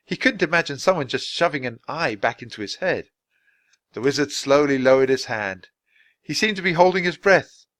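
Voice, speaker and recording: A man reading a children's storybook aloud, slowly and deliberately for English learners. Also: on the high side, animated, a bit bright, dry recording. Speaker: storybook reader.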